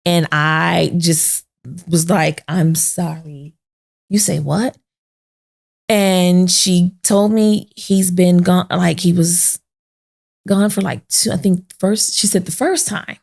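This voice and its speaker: During a sit-down podcast chat, the host, a woman, shares an emotional story from her own life and voices the other characters in it. She speaks slowly in a steady, lowish voice with vocal fry.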